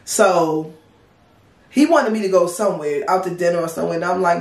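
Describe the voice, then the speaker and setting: Animated woman telling a story, echoey room. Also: lowish voice, a little fast. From Washington DC area. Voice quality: profane, animated, wry. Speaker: storytime vlogger. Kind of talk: casual storytelling. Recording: roomy sound, distant from mic.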